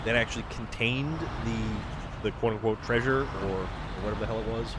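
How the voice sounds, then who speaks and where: A man hosting a livestream, chatting excitedly and answering viewers while he plays a video game. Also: lowish voice, normal speed, very noisy. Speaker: livestream host. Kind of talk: casual chat while playing a video game.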